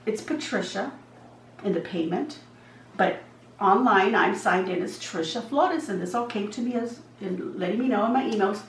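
A woman's voice: medium pitch, gravelly. A woman vlogger casually telling a storytime anecdote, retelling the back-and-forth and acting out the other people's lines as she goes. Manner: animated retelling, acts out dialogue. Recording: echoey room, voice a bit far from mic, faint background hum.

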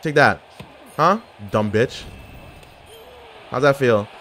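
A man's voice: mid-range voice, slow pace, slight background noise. A man giving casual gameplay commentary, joking and trash-talking opponents. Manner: trash-talking, jokey, excitable outbursts. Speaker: gaming YouTuber.

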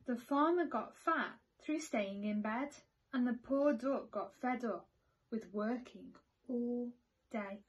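A woman teacher reading a picture book aloud to children in a slow, expressive storytelling manner. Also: a little high, slightly rough, muffled recording.

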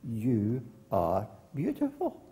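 A man's voice: mid-range voice, wildly swooping pitch, slow, dark tone, pitched below the performer's own voice. A man voicing an echo that repeats a girl's words back in a story.

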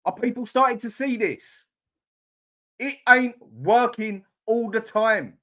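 Brief: fuming man, high-pitched for a guy, blunt, sweary football rant, middle-aged. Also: fairly even intonation, a little slow, fairly bright tone. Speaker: fan channel host. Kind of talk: angry live-stream football rant.

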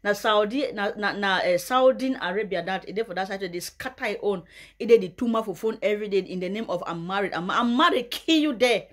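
A young Nigerian woman vlogger giving mocking gossip commentary, often breaking into loud high laughter. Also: brisk. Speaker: YouTuber.

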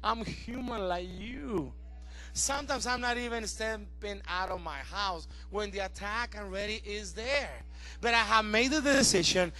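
A middle-aged man preaching a sermon as pastor, animated and acting out the voices of his family and callers. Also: high voice, measured pace.

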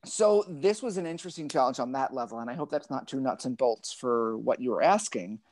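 Man, librettist type, digressive and wry on a video call; mid pitch, dry. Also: animated, a little fast, a little mellow, no room sound. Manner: thoughtful, digressive, wry and self-deprecating. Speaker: librettist and translator. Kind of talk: casual conversation over a video call.

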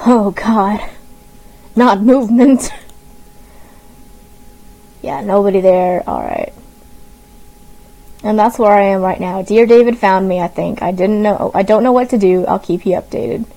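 A woman's voice: medium pitch, big pitch swings, a little slow, vocal fry, pauses often, dark tone, rough recording. A young woman from Arkansas with a light Southern accent, reading a creepy story aloud to viewers on a stream, giggling nervously and breaking in with her own remarks. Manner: giggly, nervous, reacting between read-out lines.

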